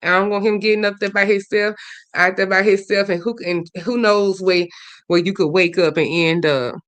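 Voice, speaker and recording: A woman hosts a casual livestream, chatting and reacting to comments in a gossipy voice. Her tone is bright and forward, and the sound is close and dry with no room echo. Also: mid-range voice, steady tone, normal speed. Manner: chatty, gossipy, swings between loud and muttered. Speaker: livestream host.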